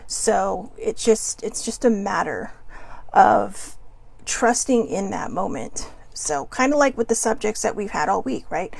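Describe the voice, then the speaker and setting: In a husky, medium-pitched voice with vocal fry, a woman host talks at a measured pace with lively intonation, no room sound around her. She reads oracle cards and chats to viewers in a casual, upbeat, rambling spiritual style full of playful asides.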